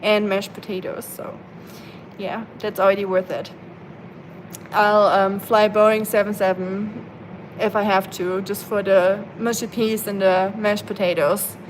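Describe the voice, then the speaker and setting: A woman with a mid-range voice and little pitch movement talks at a measured pace, chatting casually with viewers on a live stream. She's playful and laughs often, at home while it rains outside. The audio is poor, with slight hiss or hum and rain ambience.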